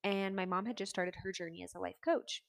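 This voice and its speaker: A woman's voice: mid-range voice, steady tone, brisk, creaky, a bit bright, dry recording. A woman in her twenties telling her personal story in a candid, earnest way, with casual fillers.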